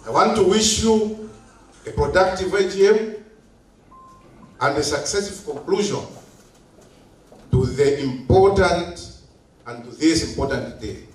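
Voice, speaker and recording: A man giving a formal opening speech at a meeting, slow and emphatic, repeating his key phrases. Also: a little high, expressive. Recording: echoey hall, heard from a distance.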